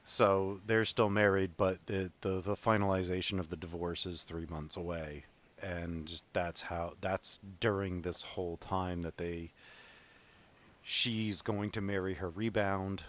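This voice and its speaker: Low-voiced man chatting on a podcast. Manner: relaxed, laughs often, halting restarts. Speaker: podcast co-host. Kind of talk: casual chat.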